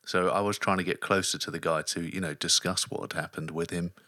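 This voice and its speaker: A man hosting a podcast, telling stories in wry, relaxed casual chat. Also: low voice, fairly quick, no echo, clean studio sound. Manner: storytelling, wry. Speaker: podcast host, flag football player.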